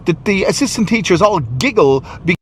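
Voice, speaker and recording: A man's voice: sits high, lively intonation, fairly quick, a little hiss or hum. A man vlogging into a handheld camera outdoors and in his car, rambling, repeating himself and sounding pleased with himself. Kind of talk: walking vlog monologue. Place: outdoors in a city street and car.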